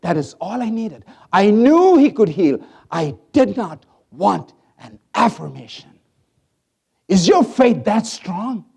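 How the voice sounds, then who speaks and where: A man delivers a sermon in a husky, rather high voice. His pitch leaps and falls as he moves between hushed asides and loud acted-out lines. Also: slow. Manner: animated, swings from hushed to loud, acts out voices. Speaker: pastor.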